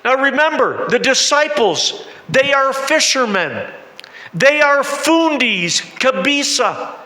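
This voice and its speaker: A man's voice: very high-pitched, very animated, slow pace, sharp tone, reverberant, long reverb tail. A man missionary preaching a sermon, telling a story dramatically and asking the congregation questions. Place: church.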